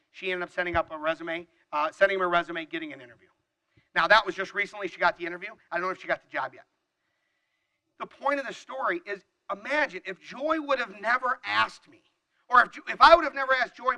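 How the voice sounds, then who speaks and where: A middle-aged man giving an energetic motivational seminar talk, addressing the audience directly and acting out little dialogues. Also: high-pitched, poor audio. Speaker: seminar speaker.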